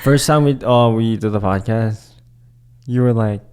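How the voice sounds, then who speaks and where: A man's voice: fairly low pitch, unhurried, background noise. A young man hosting a podcast, laid-back and teasing in casual chat. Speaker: podcast host.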